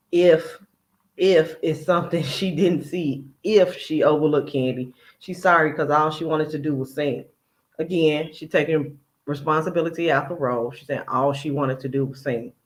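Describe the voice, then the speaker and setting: A man's voice: a little high, fairly even intonation, normal speed, low-quality recording. A man hosting a casual reaction commentary, chatty and picking apart another person's words as he quotes them. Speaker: commentary channel host.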